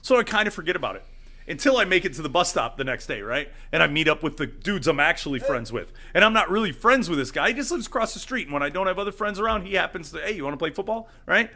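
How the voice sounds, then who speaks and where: This podcast co-host, a man in his thirties, tells a story during a relaxed chat, laughing and doing the voices of the people involved. He speaks fast in a fairly high, sing-song voice with a bright, forceful tone.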